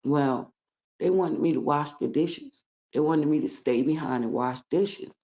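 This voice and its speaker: A woman's voice: deep voice, unhurried, dark tone. A woman in her forties, blunt and profane, tells her story as a casual interview guest. She slips into other people's voices as she recounts what was said. The recording sounds dull and lo-fi. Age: 40s.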